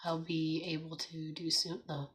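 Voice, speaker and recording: A woman hosts a relaxed morning livestream with a hoarse, raspy voice. Her pitch sits a little low. She chats loosely, laughs a lot and greets viewers by name as they come in. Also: a little slow. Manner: chatty, laughs often, greets viewers and reads out chat. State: hoarse from laryngitis. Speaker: livestream host. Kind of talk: casual morning livestream chat. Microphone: streaming setup.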